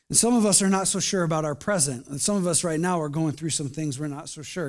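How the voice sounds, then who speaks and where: A man preaching to his congregation with earnest, pleading warmth and a slightly higher-than-usual voice. He often sinks into soft, hushed tones when he speaks as if from God or prays. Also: fast talker, few pauses. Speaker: pastor. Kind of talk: sermon and closing prayer. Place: church service.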